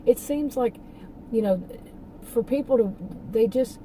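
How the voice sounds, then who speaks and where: A woman talks loosely and at length, her sentences breaking off and restarting as she laughs between thoughts. Her voice is very dark and mellow. A faint hum sits under the recording. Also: a little high, measured pace, low-quality recording. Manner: rambling, with frequent laughs and restarts. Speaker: channel host. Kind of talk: casual opinion monologue.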